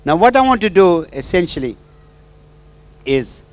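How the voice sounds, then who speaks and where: With a high, sing-song voice at a measured pace, the marriage counsellor tells stories in his lecture. Repeated "right?" and "hmm?" check in with listeners, alongside sing-song asides.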